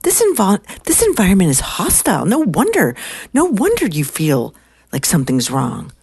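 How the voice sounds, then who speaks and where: A woman putting on a blunt, no-nonsense secretary, her husky voice lifted high as she fires off sharp retorts in a whispered role-play. The sound is close and dry from a phone. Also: huge pitch swings, moderate pace, no echo, exaggerated voice.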